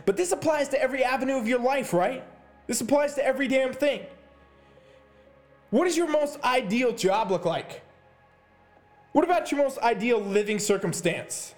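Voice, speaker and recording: Male fitness coach, podcast host; high voice, heated, profane, repetitive motivational push. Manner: fired-up, swearing, hammering repetition. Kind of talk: intense motivational podcast monologue.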